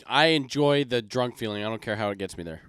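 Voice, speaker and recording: A young man co-hosting a casual comedy podcast, telling stories in an animated way with heavy swearing. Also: mid-range voice, fairly quick, smooth, no echo. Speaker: podcast co-host.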